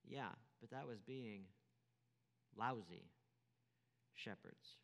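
A man's voice: lowish voice, slow pace, creaky, a bit bright. Emphatic male pastor preaching in a hall. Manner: emphatic, repeats key phrases, rhetorical questions. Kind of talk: sermon.

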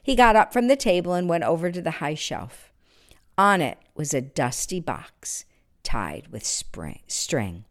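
A woman reading a Christmas story aloud, expressive, sometimes dropping to a near-whisper. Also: low-pitched, measured pace.

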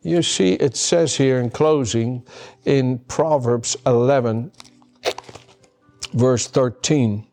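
A male pastor preaches in an earnest, emphatic way, and his voice has a gravelly edge. He sits at an ordinary middle pitch and hammers home points by saying them twice. Soft music plays low behind him. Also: slow, pauses often. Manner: earnest, emphatic, repeats key words. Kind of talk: sermon with personal story.

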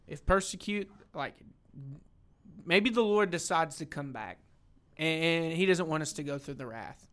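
Bright, high-voiced man. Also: clean tone. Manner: animated, acts out quotes, says "dude". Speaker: church podcast co-host. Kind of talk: casual Bible discussion.

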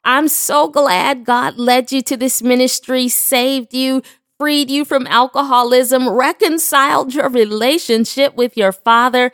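A woman's voice: high-pitched, steady tone, a little slow, a bit bright, smooth, no echo, clean studio sound. Exuberant woman preaching on a podcast. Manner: exuberant, praise-filled, emphatic. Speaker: podcast host and ministry founder. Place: studio.

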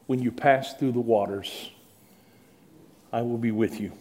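A man's voice: medium pitch, steady tone, unhurried, darkish tone. Middle-aged male preacher, earnest and pleading delivery with dramatic peaks. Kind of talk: sermon.

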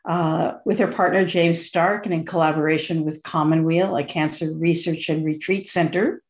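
A woman's voice: fairly low pitch, darkish tone. A middle-aged woman hosting a podcast, introducing her guest in an earnest, searching way, with fillers and restarts. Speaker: podcast host.

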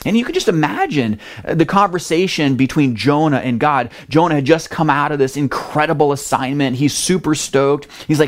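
A male pastor giving a sermon in a lively, conversational way, acting out the scenes he tells. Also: fairly high pitch, normal speed, few pauses.

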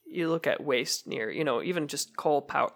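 A man's voice: on the high side, lively intonation, normal speed, vocal fry, a bit bright. A man from Michigan co-hosting a casual podcast chat, talking with many fillers and restarts. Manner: hesitant, lots of fillers and restarts. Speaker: podcast co-host.

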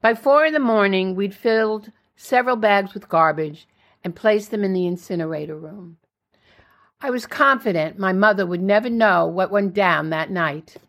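An older woman narrating her own memoir in a plain, steady storytelling way. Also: mid-range voice, moderate pace.

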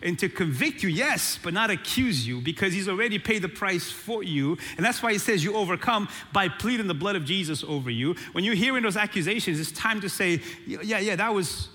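A man preaching a sermon in an animated way, calling out to the congregation. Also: high-pitched, a little fast, few pauses, long reverb tail. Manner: animated preaching with call-and-response. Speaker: pastor.

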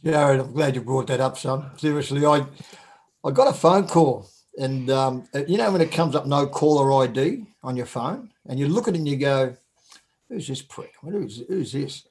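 A man's voice: medium pitch, normal speed, darkish tone, breathy edge. An Australian man telling stories as an interview guest, blunt and crude, laughing often. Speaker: guest, former footballer. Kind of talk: casual storytelling.

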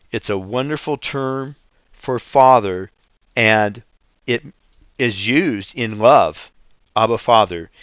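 A man hosting a radio ministry show, teaching and reading scripture in an earnest, unhurried way. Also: lowish voice, fairly bright tone, clean tone, no room sound, muffled recording. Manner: slow, earnest, reads scripture aloud.

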